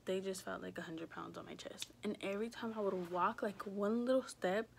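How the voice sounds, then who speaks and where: A young woman telling a personal story in a casual, rambling way, filling every pause with "like" and swearing freely. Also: medium pitch, fairly even intonation, creaky, a little hiss or hum. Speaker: vlogger.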